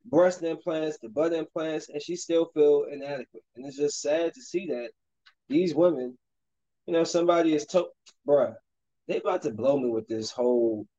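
A man in his thirties, a streamer and father, chats casually and rambles while playing a basketball video game, then breaks into sudden loud outbursts at it. His voice is a little high, and the audio has its highs cut off.

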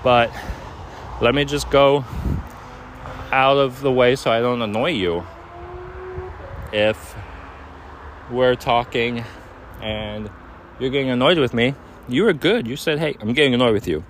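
A man's voice: medium pitch, slow, pauses often, a little hiss or hum. Earnest rambling young man outdoors. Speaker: boyfriend addressing his partner. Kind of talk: heartfelt apology monologue. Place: outdoors near overhead air traffic.

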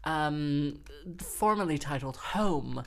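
Low-voiced tipsy woman rambling comically. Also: animated, slow, gravelly, a bit bright. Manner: chatty, self-mocking, rambling with fillers. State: slightly tipsy. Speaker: podcast host and musician. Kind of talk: casual comedic monologue.

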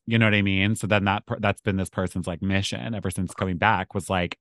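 A man's voice: on the low side, steady tone, fairly quick, fairly bright tone, no room sound, clean studio sound. A man, an astrologer guest, telling a story in casual podcast chat, rambling and full of fillers.

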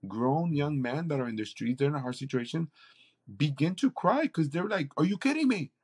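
With a fairly high, slightly rough voice at normal speed, this man, a campus pastor, recounts his personal testimony conversationally. He tells it with animation, performing the quoted voices of the people involved.

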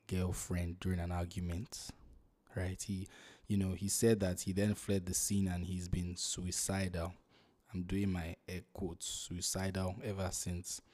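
A man hosting a casual podcast discussion, animated and prone to repeating and restarting his phrases. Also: deep voice. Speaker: podcast host.

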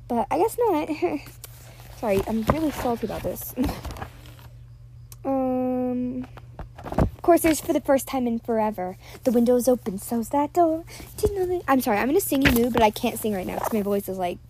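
Her voice is fairly high and warm, with slight noise in the background. The teenage girl hosts a podcast on a built-in device mic, rambling casually with constant "like"s and self-deprecating remarks.

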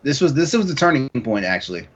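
A man co-hosting a casual chat, talking in animated bursts, laughing often and stumbling over repeated words. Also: medium pitch, fast talker. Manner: animated, laughs often, stammers when excited. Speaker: podcast co-host.

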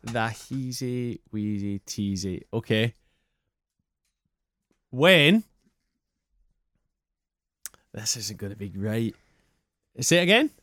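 A comedian guesting on a podcast, deadpan and drawn-out in his guesses. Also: on the low side. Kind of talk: casual comedy podcast chat.

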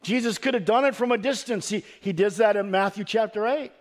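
High-voiced man preaching earnestly. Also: a little fast. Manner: earnest, emphatic preaching with swelling and dropping delivery; occasional stumbling restarts. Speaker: pastor. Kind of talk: sermon.

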